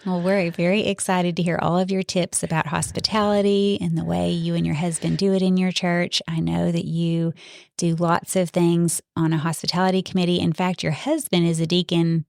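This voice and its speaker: This is a woman with a Southern US accent hosting a chatty podcast. Her voice is fairly low and recorded dry and close. She introduces her guest and asks questions in an upbeat, friendly way. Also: little pitch movement, moderate pace, gravelly, a little mellow, no room sound. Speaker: podcast host. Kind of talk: casual chat.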